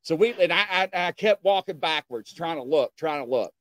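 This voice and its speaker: A man telling a story with big pitch swings, fairly high voice, in a dry setting. He speaks casually, acting out what people said and checking in with "okay?". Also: brisk, no room sound. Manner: animated, acts out dialogue, keeps checking in with "okay?".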